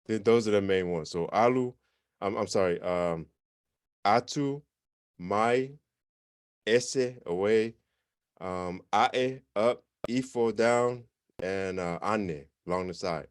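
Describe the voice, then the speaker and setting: Relaxed low-voiced man teaching a class. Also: takes it slowly, clear, resonant tone, dry recording, clean studio sound. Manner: relaxed, self-correcting, chatty explanations. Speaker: language teacher. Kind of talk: informal online class.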